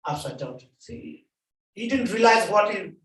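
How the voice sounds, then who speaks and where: A man preaching a sermon at a temple, telling a story in halting English and repeating phrases for emphasis. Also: high-pitched, animated, a bit bright. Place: temple hall. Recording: echoey hall, mic at a distance.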